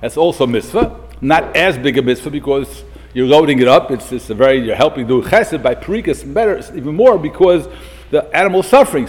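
Animated husky rabbi in a reverberant hall. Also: male voice, on the high side. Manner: animated, acts out quotes, sprinkles Hebrew and Yiddish terms. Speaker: yeshiva rabbi giving a talk. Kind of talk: Torah lecture to students.

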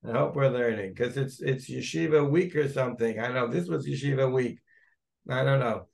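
A man's voice: mid-range voice, moderate pace, creaky. A man, a rabbi, teaching a Talmud class, thinking aloud as he searches through the text and digresses.

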